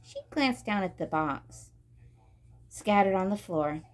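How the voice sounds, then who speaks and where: A woman reading a children's chapter book aloud, with steady, expressive narration. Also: on the low side, a little slow. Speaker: storybook reader.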